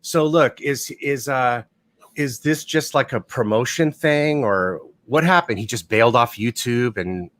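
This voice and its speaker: A man's voice: medium pitch, measured pace, a bit bright. A man hosting a casual livestream, swearing freely and rambling as he talks through gossip. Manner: profane, rambling, blunt. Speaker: livestream host.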